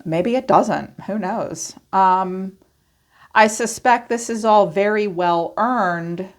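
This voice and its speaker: A woman's voice: medium pitch, slow. A woman giving a casual tarot card reading, chatty and informal, thinking aloud as she goes. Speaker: tarot reader.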